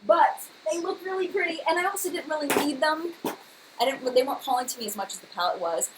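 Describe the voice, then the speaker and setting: A woman's voice: sits high, fast talker, low-quality recording. A young woman hosting a casual live chat, chatty and emotional, talking to her viewers by name.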